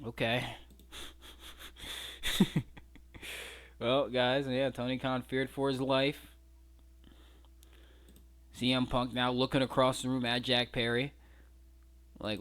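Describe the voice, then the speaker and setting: A man's voice: mid-range voice, level tone, slow, long pauses, a bit bright. A man giving a casual, incredulous breakdown of fight footage, mocking and swearing freely. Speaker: wrestling commentary vlogger.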